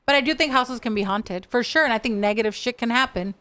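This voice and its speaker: A woman's voice: on the high side, fast, fairly bright tone. A woman guest on a podcast, talking frankly and animatedly about spiritual practice, laughing easily. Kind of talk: casual podcast chat.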